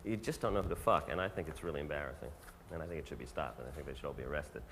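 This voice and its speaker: A man who writes and produces songs, talking candidly and wryly, his phrases sinking low at the ends. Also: big-room sound, noisy background. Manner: fast, wry, trailing low at phrase ends. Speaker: songwriter and producer. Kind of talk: candid interview monologue.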